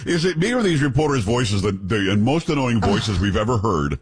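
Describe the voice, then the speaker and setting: A man hosting a radio talk show, telling stories in a lively casual way and slipping into voices. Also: lowish voice, moderate pace, slightly rough. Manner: animated storytelling, puts on voices in anecdotes.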